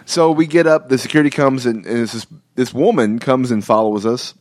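A male podcast host who tells stories in a loose, rambling way, restarting his sentences and laughing often. His voice sits at an ordinary middle pitch for a man. It is recorded close and dry, with no room sound. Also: fairly quick, darkish tone, dry recording. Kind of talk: casual chat.

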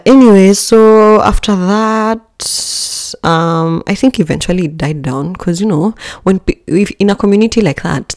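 A woman hosting a podcast, telling a personal story in a candid, expressive way, with joking asides to listeners. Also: no room sound. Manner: candid and expressive, with jumps in pitch and level. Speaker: podcast host.

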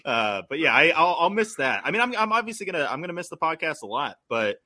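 A man's voice: on the high side, sing-song, fast, pushed and bright. A man talking casually as a podcast guest, rambling with many likes and restarts.

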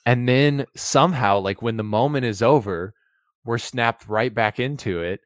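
A man co-hosting a podcast, chatting loosely about a movie in a relaxed way, swearing casually. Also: medium pitch, moderate pace, clear, resonant tone, no room sound, studio quality. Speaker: podcast co-host.

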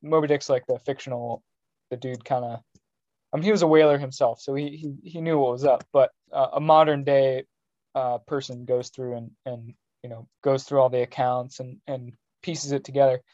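A man's voice: mid-range voice, fairly even intonation, moderate pace, dark tone, no echo, highs cut off. A young man co-hosting a podcast in casual chat, joking and rambling with restarts. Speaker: podcast co-host.

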